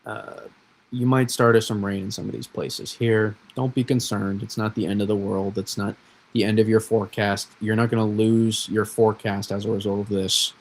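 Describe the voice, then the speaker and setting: A man's voice: fairly low pitch, little pitch movement, moderate pace, low-quality recording. A man from New England hosting a weather livestream, rambling and self-correcting in casual chat.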